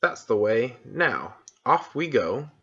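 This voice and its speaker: A man's voice: mid-range voice, very animated, slow pace, a bit bright, slightly rough, heavily acted. Casting note: a man doing a fussy, polite faun for a storybook reading, formal and a bit flustered, on a dull lo-fi recording. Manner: courteous and formal, a little flustered. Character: courteous, fussy male faun, shy and melancholy.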